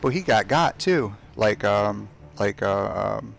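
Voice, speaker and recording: Young male game streamer, low gravelly voice, chatty running commentary. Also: expressive, takes it slowly. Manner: chatty, talks to himself while playing, trash-talks opponents. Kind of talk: casual live gameplay commentary.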